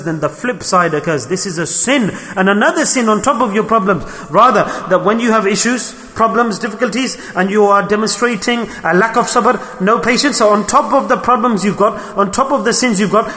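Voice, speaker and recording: A man's voice: sits high, sharp tone, in a large hall. A man preaching a sermon to his congregation, asking rhetorical questions and acting out the complaints of others.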